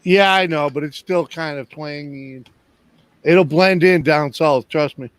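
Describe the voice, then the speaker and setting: A man's voice: on the high side, unhurried. A man from the northeastern United States chatting casually on a stream, laid-back and full of fillers and laughs. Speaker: host's partner joining the stream. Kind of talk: casual chat.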